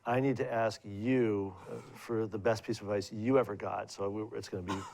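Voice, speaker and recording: A man's voice: lowish voice, steady tone, brisk, vocal fry, darkish tone. A middle-aged man telling digressive career stories as a guest at a live student event, with many fillers and restarts. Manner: rambling, digressive anecdotal storytelling with many restarts. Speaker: guest filmmaker. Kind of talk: on-stage career conversation.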